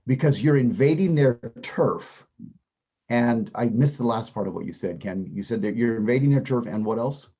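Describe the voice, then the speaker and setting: A man's voice: medium pitch, normal speed, warm tone, slightly rough, dull audio. A man teaching a Bible class, talking conversationally, asking the class questions and repeating his key phrases. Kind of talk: interactive class lesson.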